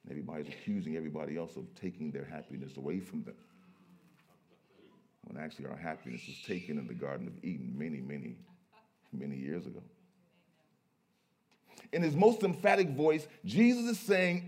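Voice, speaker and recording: A man preaching a sermon, who moves from low, quiet stretches to loud, emphatic peaks. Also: expressive, brisk, pauses often.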